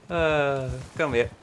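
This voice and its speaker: A man's voice: on the high side, background noise. A man streaming a video game and chatting along as he plays, narrating his own moves and talking to his viewers. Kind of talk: live game-stream commentary.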